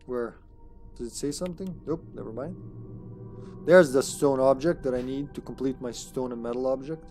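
A game streamer giving chatty live commentary on a horror game, excitable and swearing when startled. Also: medium pitch, normal speed, faint music behind.

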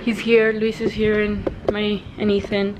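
A woman's voice: mid-range voice, monotone, unhurried. A woman and mother chatting casually to the camera in a home vlog, coaxing her child to talk to the viewers. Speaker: mother and family vlogger. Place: at home, indoors. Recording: noisy home video recording.

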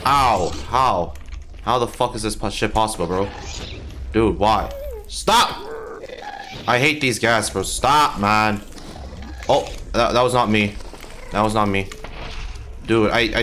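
A man's voice: fairly low pitch, a bit bright, slight background noise. A young man giving casual, frustrated gameplay commentary, swearing often and yelping when he gets hit. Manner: frustrated, swears a lot, yelps at hits. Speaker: gaming channel host.

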